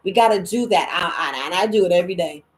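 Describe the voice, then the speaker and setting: A middle-aged woman, hosting a wellness podcast in a lively, emphatic monologue. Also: fast talker. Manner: lively and emphatic, with quoted voices and sudden high exclamations. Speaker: herbalist and podcast host. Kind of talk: casual spoken monologue.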